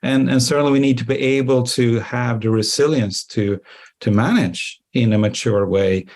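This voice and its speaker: A man's voice: medium pitch, moderate pace, a little mellow. A man on a webinar panel, speaking earnestly and emphatically as he explains ideas over a video call. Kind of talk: conversational panel discussion.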